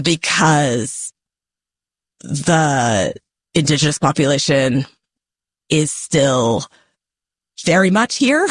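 Woman from the American West, poet guest, unhurried delivery, reflective, occasional soft laughs. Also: deep voice, dry recording. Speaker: author and poet, interview guest. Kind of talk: thoughtful interview answers.

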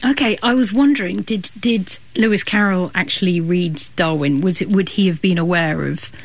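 Lively woman radio host. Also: on the low side, normal speed, no room sound. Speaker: radio science show host. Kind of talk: radio presenting and interviewing.

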